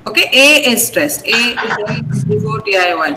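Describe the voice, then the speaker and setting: A woman's voice: mid-range voice, expressive, normal speed, few pauses, echoey room, a crowd in the background, low-quality recording. A woman with an Indian English accent, an English teacher who explains pronunciation patiently and has students repeat words. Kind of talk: online vocabulary class.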